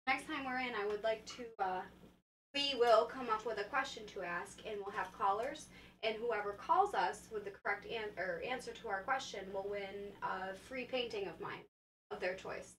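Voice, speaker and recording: Blunt woman guest, painter, crisp tone, off-mic, faint noise. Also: medium pitch, normal speed, a bit bright. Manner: blunt, crude. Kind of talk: casual chat. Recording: roomy, distant from the mic.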